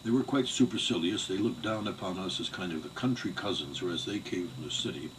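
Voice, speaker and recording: An older man giving an oral history interview, telling family memories in a measured, digressive way. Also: sits low. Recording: distant mic with faint background noise.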